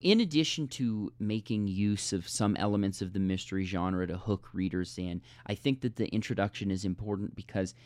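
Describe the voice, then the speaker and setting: A man's voice: lowish voice, moderate pace, hardly any pauses, darkish tone, no echo, clean studio sound. A man co-hosting a book podcast, talking through a novel in a thoughtful, analytical way. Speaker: podcast co-host. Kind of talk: casual book discussion.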